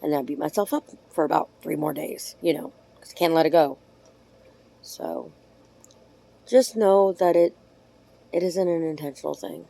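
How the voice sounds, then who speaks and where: A woman's voice: low voice, very animated, normal speed, creaky, long pauses, dark tone. A woman vlogging casually to camera, chatty and rambling, affectionate and frank, with casual swearing.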